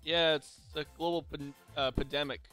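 A man hosting a casual reaction chat, excitable, playful and quick to laugh. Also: a little high, faint music behind. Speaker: streamer host.

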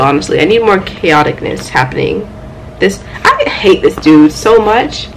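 A young woman chatting casually at home about her manga haul, excitable and playful, with loud exclamations and quick asides. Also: medium pitch, slight background noise, poor audio. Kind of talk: casual chat.

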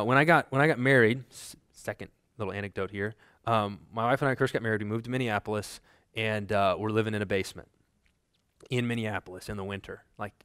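A man from Texas lectures to a seminary class in a loose, storytelling way. He restarts his sentences often and fills pauses with ums. He builds to firm, emphatic lists. His voice sits at a middle pitch in a dry room with little echo. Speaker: teacher. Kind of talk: classroom lecture with personal anecdotes.

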